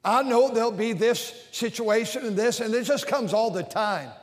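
In a large church with a balcony and bleachers, a Baptist preacher delivers an emphatic sermon and leads his congregation in call-and-response. His voice is extremely high, his pace moderate, and a long reverb tail trails his words.

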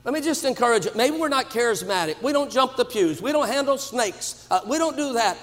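A male preacher delivers a fervent sermon, punching his points and often swinging up into shouts. His voice is very high for a man, and a long hall reverb trails each phrase, as in a large church.

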